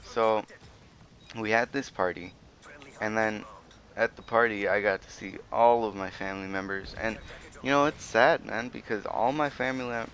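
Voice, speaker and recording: A man's voice: on the low side, a bit bright, a little hiss or hum. A young man, a teen, rambling informally and swearing now and then as he tells a personal story over gameplay commentary. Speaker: gaming video commentator.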